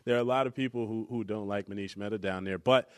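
A man's voice: lowish voice, fairly even intonation, quick pace, clean tone. A man co-hosting a sports talk show, talking in a loose, conversational way with frequent restarts. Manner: conversational, restarts a lot, lots of fillers like 'you know'.

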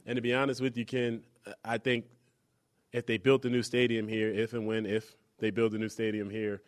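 A man's voice: on the low side, level tone, moderate pace. A man co-hosting sports talk radio, speaking casually and thinking aloud.

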